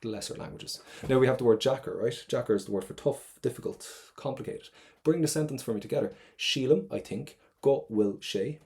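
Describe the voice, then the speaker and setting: A man's voice: medium pitch, fast talker, mellow. Upbeat Irish man teaching a class. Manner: upbeat, playful teacher, explains step by step. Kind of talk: online exam prep class.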